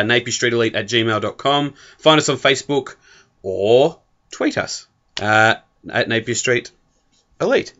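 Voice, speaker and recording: A man's voice: mid-range voice, a bit bright, clean tone. A man hosting a casual podcast chat with his father, teasing him with wry asides. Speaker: podcast host. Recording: dull lo-fi recording.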